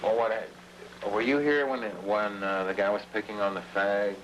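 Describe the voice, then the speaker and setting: A man's voice: fairly low pitch, steady tone, normal speed, fairly bright tone, slight background noise, rough recording. A drunk middle-aged man rambling through a profane, self-mocking story. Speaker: poet.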